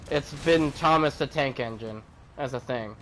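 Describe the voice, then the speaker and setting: A man chatting casually while streaming a game, animated and joking, swearing freely. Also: mid-range voice, normal speed, noisy background. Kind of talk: casual gaming chat.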